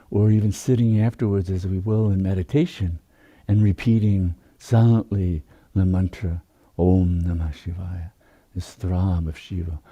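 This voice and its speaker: Meditation teacher, male, low husky voice, very slow and gentle. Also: muffled recording. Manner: soft, unhurried, drawn-out phrasing. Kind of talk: slow spiritual talk.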